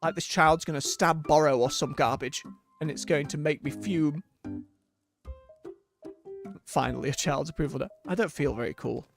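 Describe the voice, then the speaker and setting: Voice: mid-range voice, moderate pace, creaky, pauses often, soft background music. A streamer giving casual let's-play commentary with wry, self-mocking asides.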